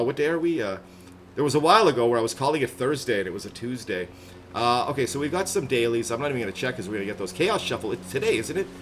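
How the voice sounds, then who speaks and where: Upbeat rambling streamer guy, lively pitch. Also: a little hiss or hum. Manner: rambling, upbeat, laughs often. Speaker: game streamer. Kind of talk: casual live-stream chat. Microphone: headset. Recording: background music playing loudly. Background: music.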